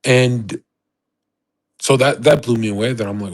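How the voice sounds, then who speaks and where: A man's voice: mid-range voice, fairly even intonation, measured pace. A man livestreaming, telling a rambling, profane, boastful story in a casual way.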